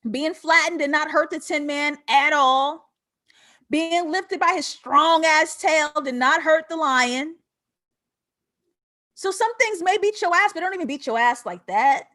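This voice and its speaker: Brief: young woman, high-pitched, animated and profane, live-stream film commentary host who laughs a lot and addresses viewers directly. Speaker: host of a film breakdown show.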